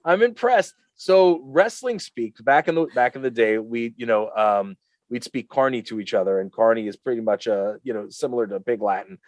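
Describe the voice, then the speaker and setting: A man's voice: medium pitch, normal speed, darkish tone, no room sound. A man co-hosting a podcast in loose, rambling, profane chat with plenty of fillers. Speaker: podcast co-host. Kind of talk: casual chat. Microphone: studio mic.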